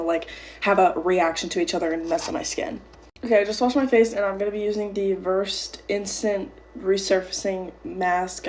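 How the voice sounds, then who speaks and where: A woman's voice: medium pitch, a little mellow, slight background noise. Heated teenage girl telling a story. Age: teens. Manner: heated, emphatic, swears often, many restarts. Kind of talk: casual get-ready-with-me storytime.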